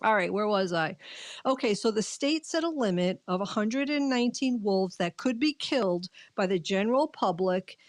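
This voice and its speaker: A woman's voice: mid-range voice, expressive, normal speed, no room sound. A woman with a New York accent co-hosting a radio show, reading a news article aloud with frequent fillers and indignant asides. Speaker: radio co-host. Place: radio studio.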